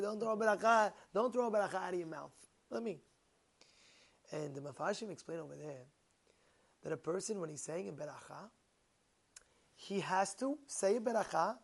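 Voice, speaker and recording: A man, a rabbi, giving an animated Torah class, asking his listeners questions and using many fillers. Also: high voice, brisk, gravelly, pauses often.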